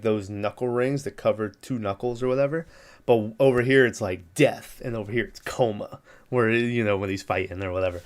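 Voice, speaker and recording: A male podcast host casually recapping a film, rambling with lots of fillers, laughing and acting out the characters' lines. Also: lowish voice.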